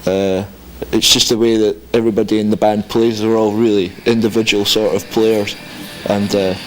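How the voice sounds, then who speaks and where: Low-voiced man, laid-back band talk. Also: moderate pace, a little hiss or hum, poor audio. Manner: relaxed, hesitant with fillers, dry humor. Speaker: band member. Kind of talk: casual interview.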